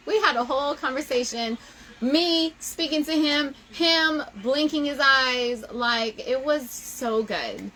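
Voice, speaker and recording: High, bright-voiced woman talking to camera. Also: unhurried, rough recording. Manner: animated, emotional, gushing. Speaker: vlogger. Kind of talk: casual chat to viewers.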